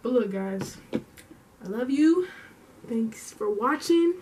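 A woman vlogging to her viewers in a slow, drawn-out way, her voice set a little higher than most. She rambles and repeats herself with many fillers, talking in an emotional way. She sits a bit back from the mic. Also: expressive, far from the mic, noisy background. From San Diego. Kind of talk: casual vlog talk to camera.

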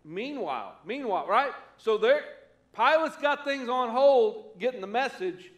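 A man's voice: very high-pitched, expressive, a little slow, roomy sound. A man preaching a conversational sermon as pastor, acting out the voices he quotes. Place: church sanctuary.

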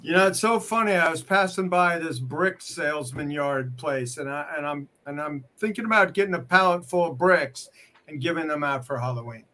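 A playful man selling original comic art in a joking live sales patter. His voice sits notably high for a man and comes out bright and sharp. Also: normal speed. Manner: playful, clowning with mock French.

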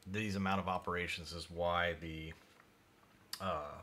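Male streamer, very low voice, muttering narration at the desk, faint room noise behind. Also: level tone, measured pace. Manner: mumbly, drifts quiet when concentrating. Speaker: livestreaming maker doing CAD design. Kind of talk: thinking-aloud livestream narration.

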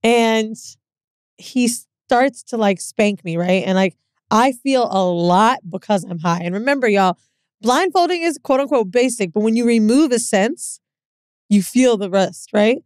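On a dry, clean-sounding recording, a young podcast co-host with a voice on the high side talks at a measured pace. She recounts something candidly and casually, bringing it to life by acting out what others said.

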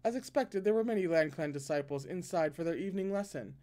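A man reading a novel aloud expressively, now and then breaking in with excited asides. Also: a little high, quick pace. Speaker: podcast reader.

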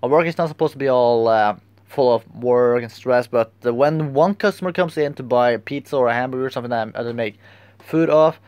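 A young man telling a rambling, halting story in a casual vlog, often searching for words. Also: medium pitch, a little mellow, clean tone, no room sound. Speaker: vlogger.

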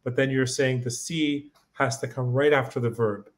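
A man learning in a casual chat, halting as he guesses meanings aloud and asks for phrases to be repeated. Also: medium pitch, steady tone. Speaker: co-host and learner.

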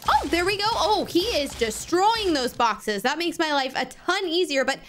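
A woman hosting a Minecraft video with excited, playful commentary, gasping and shrieking often. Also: extremely high pitch, normal speed, faint music behind. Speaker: gaming YouTuber host.

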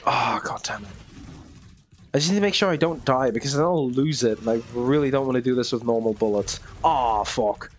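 A man's voice: medium pitch, brisk, few pauses, faint music behind. A young man giving casual, self-mocking commentary while playing a video game, laughing often. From Australia. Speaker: gaming youtuber. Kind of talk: casual let's-play commentary.

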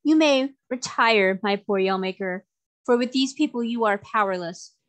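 A woman voicing an ancient, cruel male sea magician who speaks softly and sweetly with mockery, in a storybook reading. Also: a little high, moderate pace, natural voice. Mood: smug. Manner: sweet-voiced and mocking.

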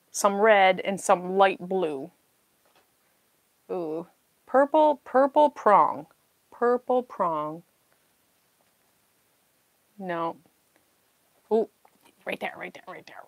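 Chatty New woman, slightly high. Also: dry recording. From New Zealand. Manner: chatty, laughs often, talks to herself while searching. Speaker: puzzle channel host. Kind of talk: casual live-stream chat.

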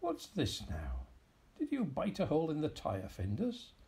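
A man's voice: on the high side, wildly swooping pitch, a little slow, gravelly, warm tone, pitched above the performer's own voice, full character voice. Man reading as a grumbling old farmer. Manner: grumbling, muttering. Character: fussy old male farmer, absent-minded and grumbling.

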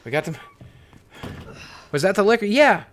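A man giving live gameplay commentary as a streamer, excitable and swearing, panicking and talking to his chat. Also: sits high, moderate pace, a little hiss or hum. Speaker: gaming streamer.

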